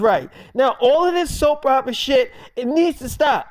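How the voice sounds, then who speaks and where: A young man, telling a freestyle comic story and acting out every character himself, going low and soft for his own lines. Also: lively intonation, normal speed, few pauses, no room sound.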